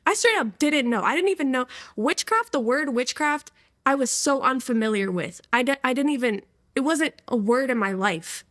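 A woman in her twenties tells her personal testimony as a guest, chatting casually with plenty of slang and easy laughter. Her voice sits a little high, and the recording is dry and close. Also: normal speed, no echo. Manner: lively, laughs often, slangy. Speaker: interview guest.

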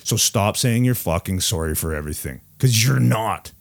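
A man co-hosting a casual podcast, blunt and animated, swearing heavily as he rants. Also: on the low side, moderate pace, vocal fry. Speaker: podcast co-host.

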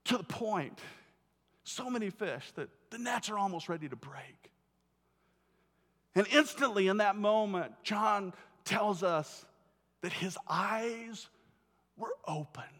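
A man preaching a sermon, telling the story with lively acted-out voices and frequent word repeats. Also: sits high, slow pace, pauses often. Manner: animated storytelling, acts out quoted voices, repeats words. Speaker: pastor. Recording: long hall reverb.

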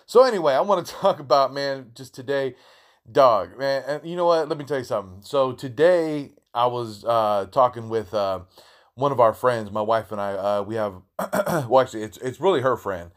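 A man's voice: mid-range voice, moderate pace. A man hosting a podcast and telling a long anecdote in his own casual way. His talk is loaded with swearing and slang, and he often stops and restarts mid-sentence. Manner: profane, rambling, slangy, with many restarts. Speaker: podcast host. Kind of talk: casual storytelling monologue.

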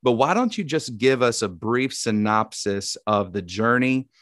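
A man's voice: mid-range voice, lively intonation, measured pace, dry recording, studio quality. Southern-accented man hosting a faith interview. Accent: Southern American. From Tennessee. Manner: warm-toned encouraging preacher cadence, amen interjections. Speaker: host.

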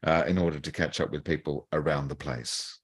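Husky man hosting an interview. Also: extremely low pitch, steady tone, fairly quick. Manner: warm greetings, hesitant with many fillers and restarts. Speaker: interview host. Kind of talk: casual interview chat. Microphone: video call.

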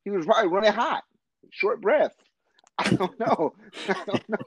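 A man's voice: sits high, normal speed, slight background noise. A man co-hosting a casual podcast chat, swearing freely and laughing often. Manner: profane, laughs often, animated. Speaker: podcast co-host.

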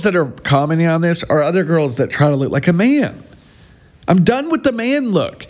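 A man's voice: a little high, big pitch swings, darkish tone. A man giving sarcastic, mocking reaction commentary in a scornful tone. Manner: mocking, scornful, drawn-out delivery. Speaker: vlogger.

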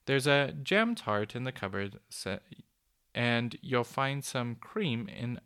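A man voicing a kindly, motherly old female cuckoo bird who talks slowly and gently. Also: mid-range voice, lively intonation, smooth. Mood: cozy.

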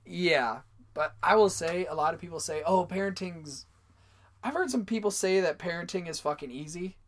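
A man's voice: sits high, moderate pace. A young man co-hosting a casual podcast, blunt and crude in his joking. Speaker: podcast co-host.

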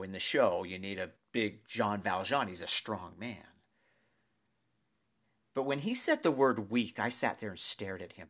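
A man telling a personal anecdote to an audience in a lively, animated way, with pauses and asides to his listeners. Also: fairly low pitch. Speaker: storyteller.

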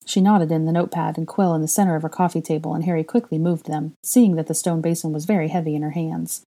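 Female narrator, low dark husky voice, reads a fan fiction story and plays the whole cast. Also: fairly even intonation, fast talker. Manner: reads all the character voices herself.

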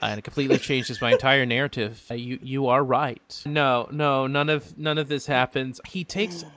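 A man's voice: medium pitch, fairly even intonation, moderate pace, bright, forceful tone. A man narrating a tabletop game as game master, with hesitant restarts.

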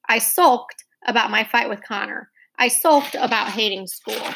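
Woman reading an audiobook, bright and a bit high, first person narration. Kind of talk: scripted narration.

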